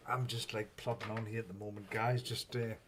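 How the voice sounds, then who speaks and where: A man's voice: on the low side, little pitch movement, a little fast, heavy background noise. A man hosting a casual live stream, rambling and chatty, swearing when flustered.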